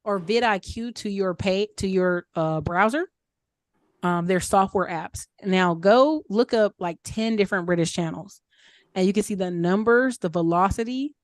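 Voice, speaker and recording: A woman in a mid-range voice talks through advice in a relaxed, chatty way, sprinkling in "um" and "like" and circling back to stress her points. The sound is dry and close, with little room to it. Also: medium pitch, moderate pace, no room sound. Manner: chatty, frequent fillers like "um" and "like"; upbeat advice-giving, repeats points for emphasis. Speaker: mastermind group speaker. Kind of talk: casual Q&A coaching on an online call.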